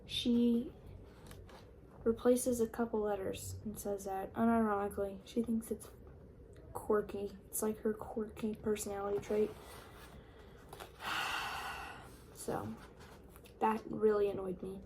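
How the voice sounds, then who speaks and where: A woman's voice: mid-range voice, level tone, slow pace, pauses often, mellow, a little hiss or hum. A young woman vlogging a casual, sarcastic rant about books she dislikes, chatty and full of fillers. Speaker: book vlogger. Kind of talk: casual ranting book review.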